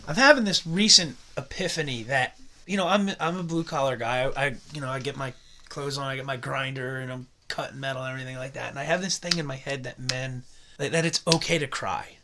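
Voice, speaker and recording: A man's voice: mid-range voice, brisk, sharp tone, slight background noise. A man in his late twenties, a podcast guest in casual chat, talking candidly and emotionally and stumbling over repeated words. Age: late 20s.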